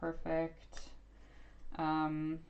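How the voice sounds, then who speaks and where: A woman's voice: sits low, completely flat delivery, extremely slow, slight background noise. A woman in her thirties hosting a casual livestream Q&A, rambling and chatty with lots of fillers and self-corrections. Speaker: archaeologist YouTuber hosting a livestream. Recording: dull lo-fi sound.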